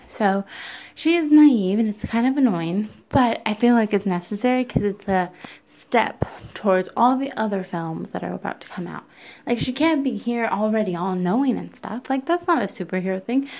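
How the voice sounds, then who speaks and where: A woman's voice: fairly high pitch, dark tone. A young woman giving a casual, rambling film review, full of "like" and "um.". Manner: chatty, rambling, heavy use of "like". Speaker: movie reviewer.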